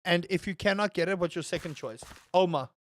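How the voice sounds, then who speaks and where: A gaming streamer chatting casually with viewers while playing, rambling and swearing, with sudden high outbursts. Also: a little fast. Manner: animated, rambling, swears, jumps to high shouts.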